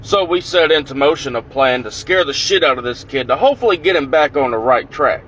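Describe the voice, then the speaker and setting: A man telling a comic prank story in an animated, profane, punchy way. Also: mid-range voice, a little fast, lo-fi sound, a little hiss or hum.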